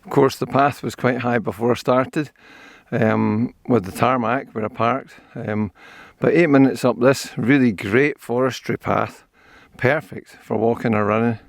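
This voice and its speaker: A man's voice: mid-range voice, fairly even intonation, unhurried, vocal fry, no room sound, clean studio sound. An older man with a Scottish accent chatting casually to a handheld camera as he runs and walks along an outdoor forest trail, rambling cheerfully about the view. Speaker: vlogger. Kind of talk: casual walking and running commentary.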